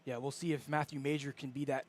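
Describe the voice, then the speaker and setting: A man's voice: medium pitch, flat delivery, fast. A man giving chatty, analytical color commentary on a live baseball game.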